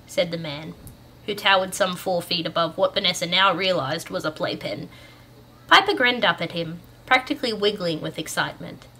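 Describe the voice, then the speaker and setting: A woman storyteller reading a bedtime story aloud in a calm, gentle way. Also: on the low side, a little hiss or hum.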